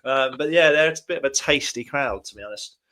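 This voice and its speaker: A man co-hosting a casual podcast, reacting warmly and telling his own cricket memory. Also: mid-range voice, fairly quick. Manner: chatty, laughs easily, reacts with enthusiasm. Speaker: podcast co-host, former cricketer. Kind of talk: casual chat.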